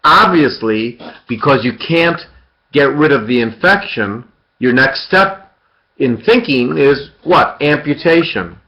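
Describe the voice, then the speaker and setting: A man's voice: mid-range voice, lively intonation, slow, bright, forceful tone. A man giving an interactive surgery lecture, quizzing students by name and repeating key points. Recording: dull lo-fi lecture recording.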